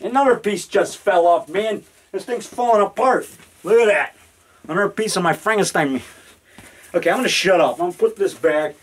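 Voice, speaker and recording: High-pitched guy in his 50s rambling on camera in his basement, excitable, growly monster noises. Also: normal speed. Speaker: independent horror filmmaker. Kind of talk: rambling home video chat. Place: home basement. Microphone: handheld digital camera.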